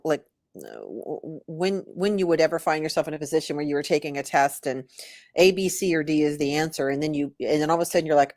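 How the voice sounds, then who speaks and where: A woman guest who does readings talks casually, rambling and restarting her sentences. Her voice sits low for a woman. The sound is dry and close. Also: dry recording. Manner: rambling, restarts, laughs easily. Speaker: guest, intuitive reader. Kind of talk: casual interview chat.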